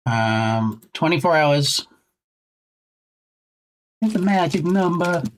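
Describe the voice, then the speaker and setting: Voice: slow, slight background noise. A live-stream host chatting casually and joking with viewers, reading out viewer names as they go. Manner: lively swings in pitch. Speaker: livestream host.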